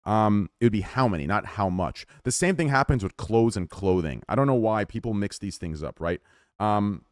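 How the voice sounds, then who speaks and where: A man's voice: on the low side, lively intonation, brisk, dry recording, clean studio sound. A man live streaming and ranting casually to his chat, rambling and swearing a lot as he jumps between topics and mocks himself.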